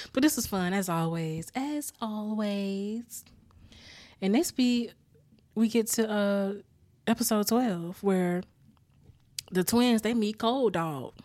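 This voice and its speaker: A woman's voice: medium pitch, slow pace, long pauses, no room sound. A woman hosting a podcast, casually retelling a sitcom episode with lots of swearing and laughter, a little worn out. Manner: profane, laughs often, animated storytelling. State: tired after a rough weekend. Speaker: podcast host recapping a sitcom. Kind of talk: casual chat recap.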